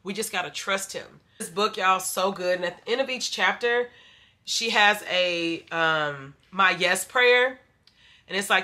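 A woman's voice: medium pitch, unhurried, pushed and bright. A young adult woman chatting casually to her viewers about faith and her plans, calling them "y'all" and sounding a little stuffy from allergies. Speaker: vlogger. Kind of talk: casual faith vlog chat.

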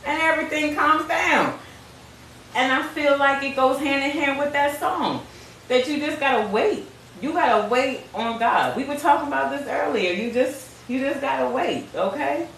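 A woman's voice: high voice, normal speed, a bit bright, distant mic, a little hiss or hum. Lady doing tarot live, chatty n preachy, echoey room, sits off the mic. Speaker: tarot reader. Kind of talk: casual live stream chat.

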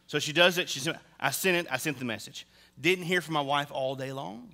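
This middle-aged pastor's voice sits on the high side, gravelly and sharp, moving a little fast. He delivers an animated, humorous sermon built on storytelling, and his words echo with long reverb through the big church sanctuary.

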